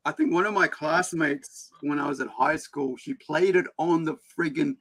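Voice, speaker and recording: Laid-back New Zealand host, man, gravelly, loose slangy chat. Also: fairly high pitch, normal speed, fairly bright tone. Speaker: livestream host. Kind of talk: casual chat.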